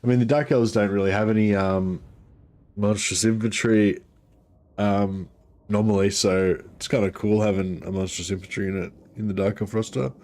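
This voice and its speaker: A man giving casual let's-play commentary, relaxed and rambling with frequent ums. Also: lowish voice, normal speed. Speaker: gameplay commentator.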